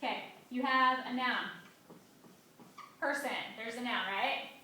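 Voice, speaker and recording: Bright-voiced woman teaching grammar. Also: fairly high pitch, a little hiss or hum. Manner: emphatic, drawn-out stresses on key words. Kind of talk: classroom grammar lesson. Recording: echoey room, mic at a distance.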